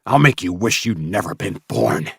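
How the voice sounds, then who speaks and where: A man's voice: low-pitched, sing-song, moderate pace, vocal fry, a bit bright, slightly rough, no room sound, studio quality, full character voice. A man doing a roaring, cruel captor. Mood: menacing. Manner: roaring and growling. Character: enraged cruel adult male captor with a rifle.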